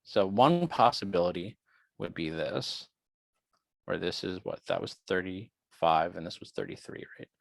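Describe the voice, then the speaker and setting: A low-pitched man with a gravelly edge to his voice, giving an online biology lecture. He is chatty and thinks aloud as he works through quiz questions. The sound is dry and close to the microphone. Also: a little slow, no room sound.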